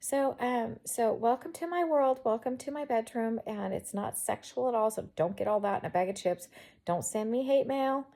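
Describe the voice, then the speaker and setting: A woman vlogger with a Southern accent chats casually from her bedroom, rambling and quirky as she talks to her viewers. Her voice is fairly high, creaky and warm, at a normal speed.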